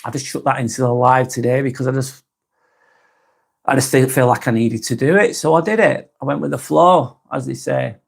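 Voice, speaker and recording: Guy on a live stream, gravelly voice, slow and soft, lots of ums. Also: medium pitch. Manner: soft, unhurried, apologetic, with frequent ums and restarts. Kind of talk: casual live stream chat, reading comments.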